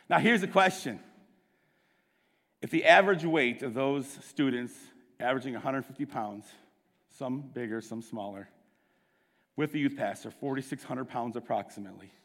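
A man preaching a sermon, telling a story with quick bursts and dramatic hushes. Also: a little high, long reverb tail. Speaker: pastor.

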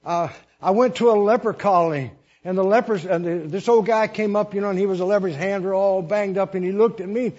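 A man's voice: high-pitched, brisk, darkish tone, lo-fi sound. An older man, a missionary preacher, telling a story in a folksy, rambling sermon with restarts and chuckles.

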